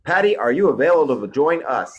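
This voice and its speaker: Male host on a video call, swoopy, lively delivery, self-mocking about tech trouble. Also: on the high side, fast, dull audio. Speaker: show host. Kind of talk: casual hosting on a video call. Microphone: video call webcam mic.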